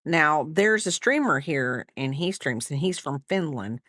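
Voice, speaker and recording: A woman's voice: low-pitched, lively intonation, measured pace, a bit bright, no room sound, clean studio sound. A middle-aged American woman livestreaming while she crochets, chatting casually and rambling as she answers her viewers. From United States. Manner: rambling, chatty, answers chat between stitches. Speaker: livestreamer crafter.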